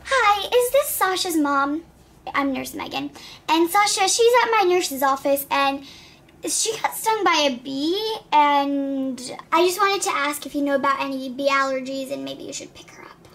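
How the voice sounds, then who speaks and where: A woman voicing a gentle, cheerful school nurse doll who reassures a hurt child. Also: high voice, lively intonation, a little slow, exaggerated voice. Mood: calm. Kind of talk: doll play narration.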